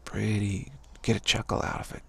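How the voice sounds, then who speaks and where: Man, spiritual talk, rambling, gentle, low pitch, husky. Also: expressive, moderate pace. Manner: rambling, gentle, repetitive phrasing with frequent "you know". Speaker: spiritual speaker.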